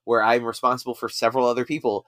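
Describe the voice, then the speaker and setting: Male podcast co-host, mid-pitched, rambling casual delivery, dry booth sound. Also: flat delivery, rapid-fire, a bit bright, dry recording. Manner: rambling, many fillers and restarts.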